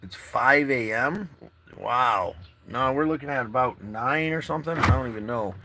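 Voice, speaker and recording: A man's voice: medium pitch, animated, normal speed, pushed and bright, slight background noise. Laid-back man rambling on a live stream. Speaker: travel vlogger. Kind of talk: casual live-stream chat. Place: in or by his car, outdoors.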